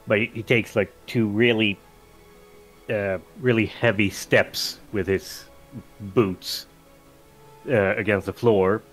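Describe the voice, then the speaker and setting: A man describing his character at a tabletop game. He speaks slowly and hesitantly in a somewhat low voice, with many fillers. Faint music plays behind him. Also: steady tone, fairly bright tone. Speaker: player.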